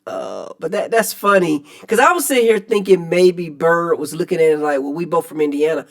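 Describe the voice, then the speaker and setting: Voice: medium pitch, brisk. A reaction video host giving casual, chatty commentary and laughing along with the clips.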